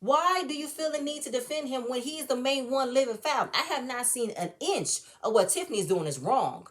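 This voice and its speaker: A woman's voice: high voice, expressive, brisk. A woman giving a blunt, fired-up, profane recap and review of a reality show episode. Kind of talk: casual opinionated recap.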